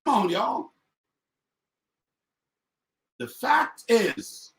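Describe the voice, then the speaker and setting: A man delivers a motivational business talk in a high-pitched voice. His delivery is emphatic and repetitive and swings between loud bursts and quiet stretches. The pitch leaps around with animated energy. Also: normal speed. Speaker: motivational speaker and business coach. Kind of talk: fired-up motivational talk to an online audience.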